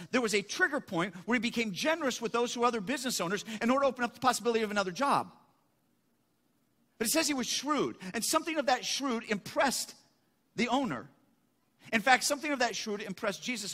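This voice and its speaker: A man's voice: high voice, a bit bright. A man preaching a sermon, emphatic, asking questions and answering them himself. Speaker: pastor. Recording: echoey hall.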